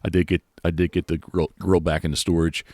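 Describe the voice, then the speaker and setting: Male podcast host, very low voice, dry close sound, loose rambling chat. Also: flat delivery, brisk, darkish tone, no echo. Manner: rambling, many restarts and fillers. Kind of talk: casual chat.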